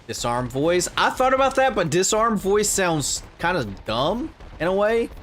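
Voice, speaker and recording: A man's voice: high-pitched, sing-song, moderate pace, slight background noise. Rambling, easygoing man streaming a game. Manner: rambling, trailing off quietly at phrase ends; filler-heavy, thinking aloud. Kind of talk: casual gaming livestream chat.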